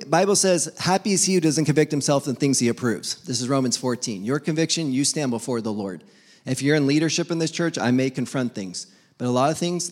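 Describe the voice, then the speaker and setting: A man's voice: a little high, a little mellow. Casual joking man preaching a sermon. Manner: casual, joking preacher who acts out dialogues with God. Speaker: pastor.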